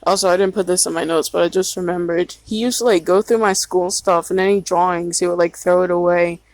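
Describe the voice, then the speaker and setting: Woman, lowish voice, rambling storytime vlogger, swears freely, dry close sound. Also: no echo, rough recording. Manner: rambling, swears often, trails off. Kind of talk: casual storytime.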